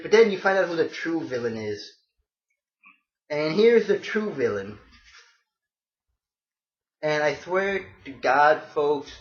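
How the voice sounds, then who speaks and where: Excitable man in a roomy, lo-fi recording. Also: sits high. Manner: excitable, addresses viewers as folks. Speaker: comic book video host. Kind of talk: casual walkthrough of comic panels.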